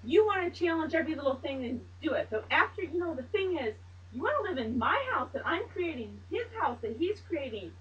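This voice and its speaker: High bright scolding mother, distant mic. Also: sing-song, fairly quick, dull audio. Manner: scolding, swearing, lecturing. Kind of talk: heated family argument.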